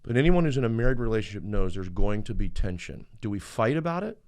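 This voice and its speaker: A man's voice: very animated, quick pace, darkish tone. Emphatic middle-aged man giving a talk. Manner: emphatic, preacher-like swings in pitch. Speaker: host. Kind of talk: motivational talk on marriage.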